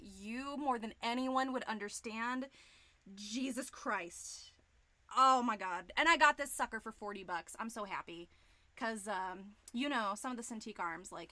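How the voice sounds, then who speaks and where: A woman in her thirties chatting on a live stream, gushing and excitable, swearing freely. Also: mid-range voice. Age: 30s. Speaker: streamer and digital artist. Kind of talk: casual live-stream chat. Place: home studio room.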